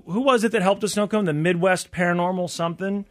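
Guy hosting a chatty podcast, slightly high voice, gets really animated telling the story. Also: quick pace. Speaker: podcast host. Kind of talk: casual chat retelling a story.

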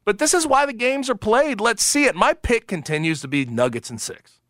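A man hosting sports talk radio, animated and emphatic, quick to laugh. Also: high-pitched, no room sound, clean studio sound. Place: radio studio.

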